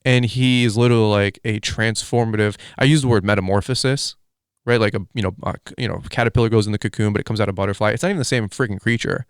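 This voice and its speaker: A man hosting a podcast in casual chat, rambling excitably with lots of fillers. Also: on the low side, racing, clean tone, no echo, clean studio sound. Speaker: podcast host.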